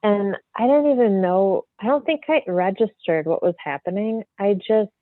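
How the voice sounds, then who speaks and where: A woman medium, a podcast guest, telling a story in a free-flowing, animated way full of fillers. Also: medium pitch, normal speed, no room sound. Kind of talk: casual storytelling in an interview. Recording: tinny phone-like line, dry.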